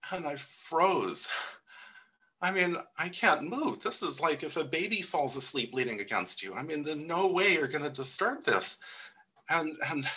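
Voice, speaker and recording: A man telling a self-deprecating personal story on a live storytelling show, earnest and animated. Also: fairly high pitch, a little slow, slightly rough, low-quality recording. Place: small theater stage.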